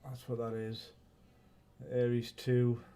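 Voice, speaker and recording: A man's voice: mid-range voice, completely flat delivery, slow, dark tone, clean tone. A man with a Northeast English accent, hosting a casual live stream and bantering with viewers in a rambling, teasing way. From Northeast England.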